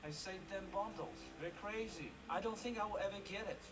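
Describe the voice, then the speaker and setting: A man's voice: sits high, background noise, close to an everyday voice. A man playing an odd, wounded lovelorn man. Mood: bitter. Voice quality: strong unusual foreign-sounding accent, halting odd phrasing. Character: awkward, emotional adult man, lovelorn banker. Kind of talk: film dialogue. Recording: distant film audio with loud music.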